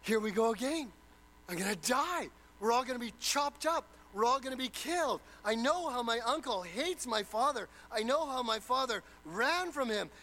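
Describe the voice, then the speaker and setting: A man's voice: very high-pitched, expressive, moderate pace, pushed and bright, voice pushed up, heavily acted. A man voicing a frightened young boy of about eleven who keeps asking anxious questions. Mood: panicked. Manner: pleading, repeated anxious questions.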